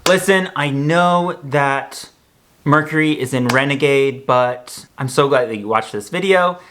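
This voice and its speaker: A man's voice: mid-range voice, a little slow, fairly bright tone, slight background noise. A young man casually reviewing makeup in a chatty, campy vlog with joking asides.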